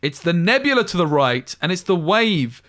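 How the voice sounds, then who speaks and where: A man casting a card game tournament live, calling plays briskly and thinking aloud between moves. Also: sits high, very animated, a bit bright. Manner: brisk analytical play-by-play with thinking-aloud asides. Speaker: tournament caster. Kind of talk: live esports play-by-play commentary.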